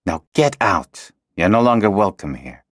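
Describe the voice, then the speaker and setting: A man's voice: fairly low pitch, big pitch swings, normal speed, a bit bright, no room sound, studio quality, voice pushed up. A man reading an audiobook, voicing an irritable, suspicious older man who snaps and hisses his lines. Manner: snapping, hissing, incredulous. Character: older male fence, angry and suspicious. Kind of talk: audiobook character voice.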